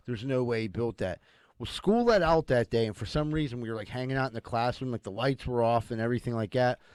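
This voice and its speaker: A man's voice: medium pitch, fast, darkish tone, clear, resonant tone, no room sound. A man, co-hosting a podcast, telling profane stories and laughing through them. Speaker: podcast host. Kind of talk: casual storytelling.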